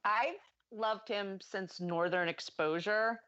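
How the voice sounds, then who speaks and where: A woman's voice: medium pitch, slow pace, a bit bright, highs cut off. A woman co-hosting a podcast, chatting and telling a story in an easy, friendly way. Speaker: podcast co-host. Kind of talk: casual chat.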